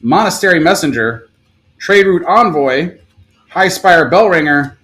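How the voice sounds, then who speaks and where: A man hosting a casual live stream, rapidly listing names and breaking into excited outbursts and curses. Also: on the high side, low-quality recording. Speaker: live stream card seller.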